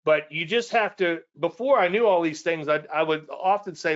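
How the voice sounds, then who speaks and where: A man's voice: on the high side, lively intonation, moderate pace, a bit bright, highs cut off. A man with a Cajun Louisiana accent giving a casual trading presentation, repetitive and folksy with self-deprecating asides.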